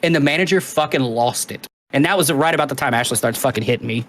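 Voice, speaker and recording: A man co-hosting a podcast, telling a story in casual chat with plenty of swearing and animated asides. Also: mid-range voice, fast, a little hiss or hum. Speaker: podcast co-host.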